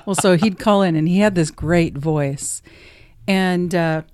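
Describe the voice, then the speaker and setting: A middle-aged woman chats on a podcast, her voice sitting a little low and close, with no room sound around it. She tells stories with plenty of giggles and an animated, chatty manner. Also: measured pace, no room sound. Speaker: podcast co-host. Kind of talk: casual chat.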